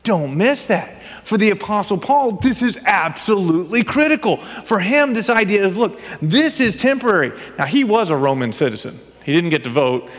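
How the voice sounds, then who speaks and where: A middle-aged pastor from the United States giving an animated, emphatic sermon with touches of humor. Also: male voice, high voice, normal speed, few pauses. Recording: long hall reverb.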